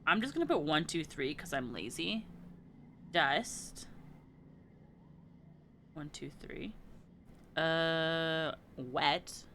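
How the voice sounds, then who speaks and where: A woman's voice: sits low, animated, extremely slow, long pauses, a bit bright, a little hiss or hum. A woman streamer chatting casually while playing a video game, thinking aloud and trailing off into murmurs. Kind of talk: casual let's-play commentary.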